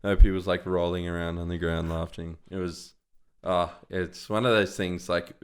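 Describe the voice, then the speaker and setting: A man in his thirties, co-hosting a casual podcast chat, joking and excitable. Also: low-pitched, moderate pace, clean tone. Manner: joking, excitable, breaks into loud laughter. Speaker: podcast co-host.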